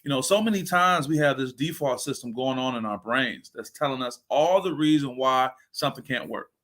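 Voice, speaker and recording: A man in his forties delivers a motivational talk as a sports coach, with a bright and forceful tone. He speaks in an energetic, preacher-like way and often reads viewer comments aloud. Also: medium pitch, moderate pace. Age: 40s.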